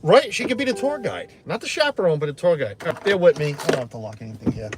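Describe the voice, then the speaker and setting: A man's voice: fairly high pitch, sing-song, quick pace, noisy background. A middle-aged man hosting a live stream from inside his truck, rambling casually and greeting viewers by name.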